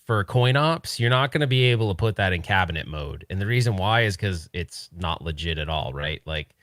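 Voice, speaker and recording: A man's voice: low voice, animated, a little fast, fairly bright tone, dry recording, studio quality. A man co-hosting a casual livestream about retro arcade gear, rambling with lots of restarts and laughs.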